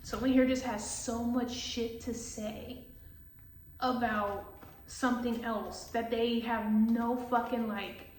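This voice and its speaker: A woman's voice: on the high side, level tone, takes it slowly, reverberant, slight background noise, rough recording. A woman tarot reader ranting casually, profane and scornful, mocking people she disagrees with in quoted voices.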